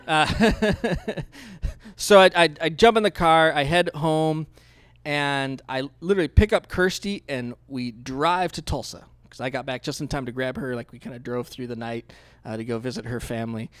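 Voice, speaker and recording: A man pastor preaching a sermon in a conversational, storytelling way, swinging between hushed asides and loud outbursts. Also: a little high, normal speed, clean tone, no echo.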